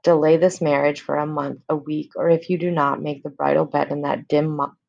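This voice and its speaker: A woman's voice: low voice, little pitch movement, a little fast, vocal fry, darkish tone, dull audio. A woman reading as a desperate young daughter. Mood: pleading.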